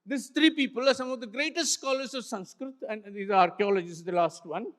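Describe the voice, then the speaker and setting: An older man with an Indian English accent giving an illustrated talk to a festival audience, unhurried, with frequent pauses and fillers. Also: high voice, fairly bright tone. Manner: unhurried, many pauses and fillers, points at slides. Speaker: festival speaker. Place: large hall with an audience. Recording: hall reverb from a stage mic.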